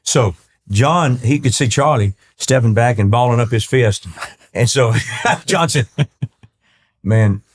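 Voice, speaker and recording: A man's voice: medium pitch, expressive, slow pace. A man from East Texas, a country singer and guest, telling long rambling anecdotes with many restarts and acting out the people he quotes. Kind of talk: storytelling interview talk.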